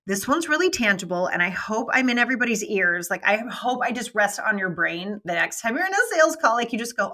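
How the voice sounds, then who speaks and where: A middle-aged woman, a business mentor guest, talking in a casual, animated way and acting out quoted voices. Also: medium pitch, brisk. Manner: animated, acts out quoted voices, laughs often. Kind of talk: casual interview talk.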